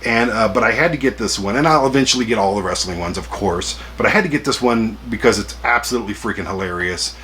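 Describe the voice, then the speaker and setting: A man's voice: lowish voice, fast talker, hardly any pauses, bright, forceful tone, slight background noise. A man in his forties hosting a collecting vlog, chatty and jokey with self-deprecating asides. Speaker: collector vlogger. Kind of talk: casual rambling vlog.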